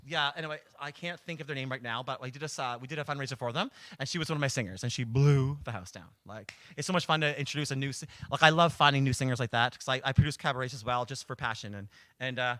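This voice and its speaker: A man, a karaoke host and cabaret producer, chatting casually and telling animated stories that he acts out in little voices. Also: mid-range voice, quick pace, dry recording. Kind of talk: casual storytelling chat.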